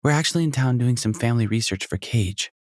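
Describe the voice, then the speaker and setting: A man voicing a sincere young man, a wealthy genius tutor, speaking gently. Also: medium pitch, animated, fast, dry recording, clean studio sound, pitched above the performer's own voice, close to an everyday voice.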